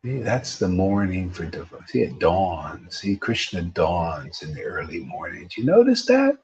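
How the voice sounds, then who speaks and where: A man giving an informal devotional sermon as a spiritual teacher, animated and joking in a preacherly way. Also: deep voice, moderate pace, lo-fi sound.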